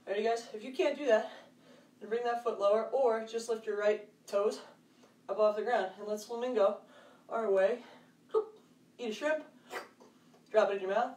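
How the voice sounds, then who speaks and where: Heard from a distance in an echoey room, this woman has a medium-pitched, darkish voice. She's a fitness coach leading a kids' home workout by a hallway, upbeat as she counts reps and encourages the children.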